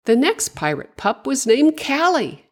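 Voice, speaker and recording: A woman reading a children's story aloud, with expressive, sing-song narration. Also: high-pitched, measured pace.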